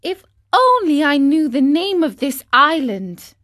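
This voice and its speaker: A woman voicing a young male wooden puppet boy in a storybook reading, speaking high, eager and easily frightened. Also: very animated, unhurried, pushed and bright, full character voice. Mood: wistful.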